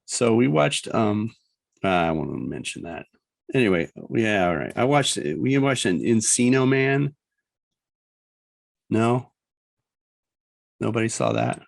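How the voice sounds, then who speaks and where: Man, animation teacher, slow talk, lively pitch, chatty and rambling. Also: vocal fry, dry recording, rough recording. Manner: rambling, chatty, thinks aloud with laughs and sound effects. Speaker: animation instructor. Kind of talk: casual screen-recorded class demo.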